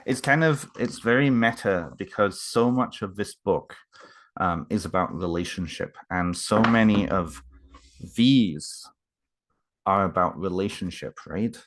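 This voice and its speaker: A man unboxing books in a casual home vlog, talking haltingly with many fillers and restarts, moved and emotional. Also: deep voice, noisy background.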